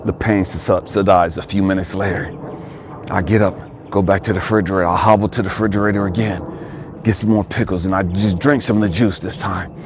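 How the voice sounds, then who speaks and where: A man giving a personal testimony as a spiritual coach, telling his story dramatically and swinging from loud cries to hushed whispers while speaking straight to the listener. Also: deep voice, steady tone, brisk, background noise. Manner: addresses the listener directly.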